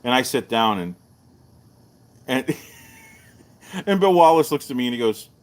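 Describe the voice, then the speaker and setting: A middle-aged man, hosting a live-streamed martial arts show and telling stories in a loose, animated way. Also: slow. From Texas. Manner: animated storyteller, jumps up in pitch for quoted voices. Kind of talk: casual storytelling to a live stream.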